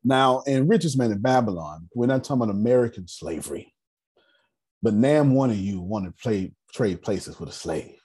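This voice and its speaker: Husky, lively man telling a story. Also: fairly low pitch, normal speed. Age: 30s. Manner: emphatic, repeats key phrases, blunt and joking. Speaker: meeting leader teaching personal finance. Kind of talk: animated storytelling talk to a group.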